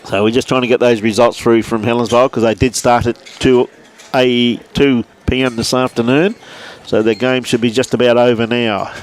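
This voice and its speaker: Chatty Australian lawn bowls commentator. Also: male voice, mid-range voice, little pitch movement, normal speed, a little hiss or hum. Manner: chatty, matey, greets viewers by name. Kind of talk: live sports commentary with viewer shout-outs. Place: indoors behind a glass window beside the green.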